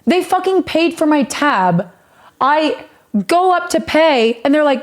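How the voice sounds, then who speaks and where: A woman's voice: high voice, lively intonation, slow. A woman streamer telling a rambling story in a casual, profane way, often laughing.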